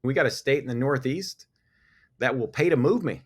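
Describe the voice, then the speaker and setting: A man's voice: mid-range voice, lively intonation, normal speed, background noise. Talkative middle-aged man on a podcast. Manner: talkative, restarts, laughs easily. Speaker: business owner guest. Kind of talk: casual podcast conversation.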